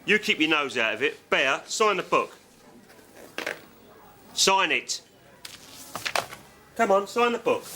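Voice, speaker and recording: A man's voice: on the high side, very animated, slow pace, long pauses, background noise. A man playing an aggressive father who threatens another man. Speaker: angry father.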